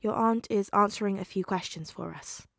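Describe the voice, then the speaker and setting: A woman reading a fan story aloud, voicing a calm, controlled male FBI agent who speaks gently and evenly. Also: medium pitch, gravelly, no echo, clean studio sound. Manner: gentle and measured.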